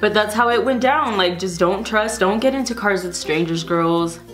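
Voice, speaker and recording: A woman's voice: mid-range voice, normal speed, a bit bright, faint music behind. A young woman vlogger casually telling a storytime to camera, rambling with lots of fillers.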